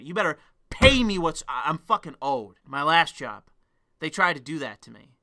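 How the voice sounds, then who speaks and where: High bright-voiced man ranting profanely. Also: expressive, normal speed. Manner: profane, combative, heated. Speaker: vlogger. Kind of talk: ranting monologue to camera.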